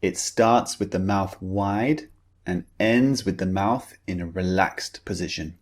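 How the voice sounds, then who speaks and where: A man teaching pronunciation, enunciating each model word with slow, careful deliberation. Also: fairly low pitch.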